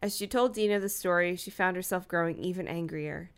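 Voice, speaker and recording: A woman's voice: lowish voice, a little fast, smooth. A woman co-hosting a casual podcast chat, reading a book aloud and laughing along. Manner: chatty, laughs while reading.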